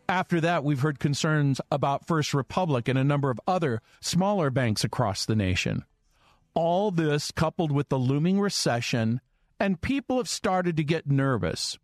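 A man's voice: a little high, big pitch swings, normal speed, no room sound. A man hosting a radio show, reading scripted introductions in an announcer's delivery. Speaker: radio host.

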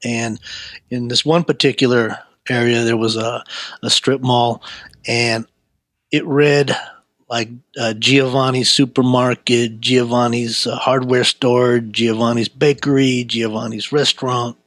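A man, an interview guest, telling a personal story in a casual, laid-back, animated way. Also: medium pitch, unhurried, no room sound.

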